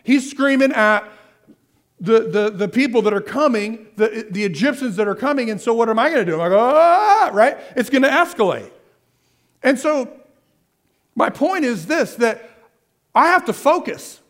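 A man's voice: extremely high pitch, expressive, normal speed, long pauses, fairly bright tone. A man preaching a sermon as pastor, asking the crowd questions and answering them himself, repeating key phrases. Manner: repetitive, asks the crowd questions then answers.

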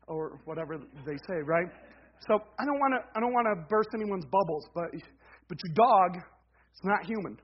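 A man's voice: a little high, fairly quick, muffled recording, a little hiss or hum. A male pastor preaching a conversational sermon, peppering it with "right?" and hammering home repeated refrains.

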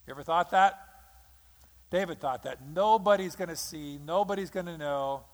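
A man preaches a sermon in a fairly high voice. He tells the story with drama and acts out the lines of the people in it. His voice rings out in a hall with long reverb. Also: normal speed. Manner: dramatic storytelling, acting out quotes. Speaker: pastor.

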